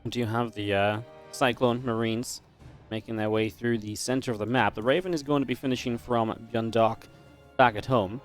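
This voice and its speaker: A man's voice: medium pitch, steady tone, brisk, soft background music. A man casting a strategy game match, chatty and analytical, breaking into easy laughs. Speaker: esports caster. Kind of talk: play-by-play game commentary.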